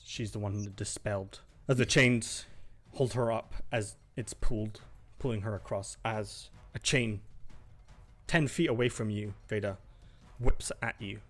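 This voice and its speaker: A man narrating as game master of a tabletop game, describing the action in a calm, descriptive way. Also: on the low side, measured pace.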